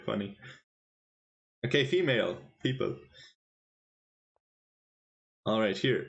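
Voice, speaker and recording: A man's voice: on the low side, takes it slowly, creaky, pauses often, highs cut off. Playful man chatting on a live stream. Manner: playful, teasing the chat with quiz questions. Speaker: chess tournament commentator and streamer. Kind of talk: casual live-stream chat.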